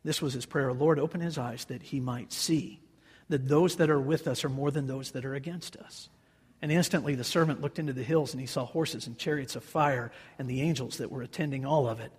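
A man preaching a sermon as pastor, telling a story in an animated way and acting out the quoted voices. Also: medium pitch, brisk, breathy edge. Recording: long reverb of a large hall.

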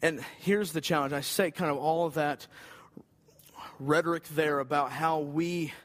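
A man's voice: fairly high pitch, fairly even intonation, measured pace. A man preaching a sermon in an earnest, conversational way, rising for emphasis. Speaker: pastor.

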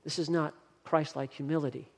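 A man delivering a sermon, his voice sitting a little high for a man. He presses his points with rising emphasis and repeats key lines. The sound carries a long reverb, like a church sanctuary. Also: little pitch movement, fairly quick, a little mellow. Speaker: pastor.

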